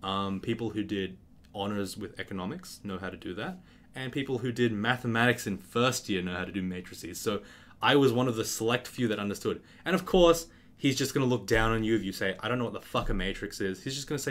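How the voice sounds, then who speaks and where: A young man hosting a gaming channel, telling a story in a casual, animated way, swearing freely and acting out the scenes before he turns to game commentary. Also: mid-range voice, fast. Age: young adult.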